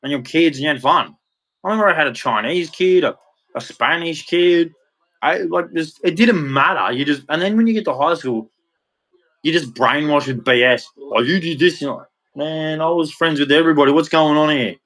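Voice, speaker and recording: A man's voice: on the high side, normal speed, a bit bright. An Australian man in his thirties ranting bluntly and heatedly in a casual monologue, swearing freely. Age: 30s. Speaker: vlogger.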